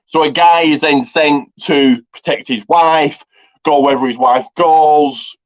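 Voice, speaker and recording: A man whose voice is a little high and a little slow casually retells a movie's plot for a review. He rambles, heavy on fillers and restarts, and the lo-fi audio comes across slightly dull.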